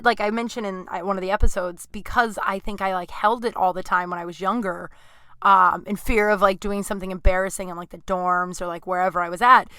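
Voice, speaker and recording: Woman in her 30s yapping away on her podcast, smooth clear voice, dry close sound, says like constantly. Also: on the high side, pushed and bright, no echo. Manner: rambling, full of "like" fillers and self-asides. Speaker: podcast host. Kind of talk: casual storytelling. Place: home apartment.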